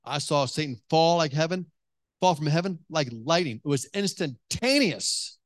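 A male pastor preaching, his voice sitting a little high for a man. He tells his stories in an animated way, full of restarts and filler words. The sound is dry and close, with little room around it. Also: normal speed, dry recording. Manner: animated storytelling, many restarts and "like". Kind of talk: sermon. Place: church hall with congregation.

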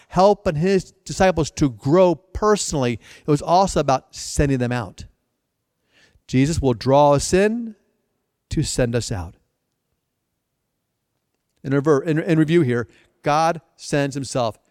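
A man's voice: on the high side, a little mellow, no room sound, studio quality, in a large hall. A male pastor giving a sermon, telling stories with repeated restarts and playful asides.

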